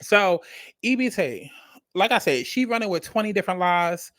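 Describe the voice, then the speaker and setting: Man, slightly high voice, dry close sound, rambling profane commentary, repetitive, animated. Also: normal speed, dry recording. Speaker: reality TV reviewer. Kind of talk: casual commentary rant.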